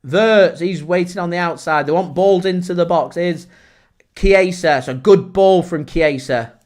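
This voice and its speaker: A man giving live watchalong commentary on a football match for his fan channel, calm one moment and shouting the next. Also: high voice, measured pace. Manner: excitable, shouts and laughs in disbelief at big moments.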